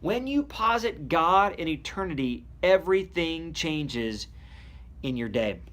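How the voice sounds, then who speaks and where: Animated male preacher explaining scripture. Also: on the high side, a little slow. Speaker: pastor. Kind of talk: devotional sermon on scripture.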